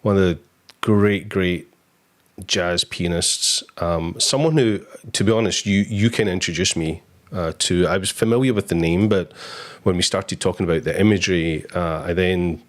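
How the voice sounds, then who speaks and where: A man hosting a casual live-stream interview, relaxed and easygoing with plenty of fillers. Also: sits low, moderate pace. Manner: relaxed, filler-heavy, chuckles. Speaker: host.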